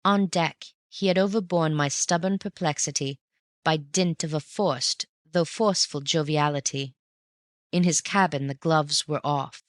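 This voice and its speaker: Measured audiobook narrator, dry sound. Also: medium pitch, no room sound. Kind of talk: scripted narration of a classic novel.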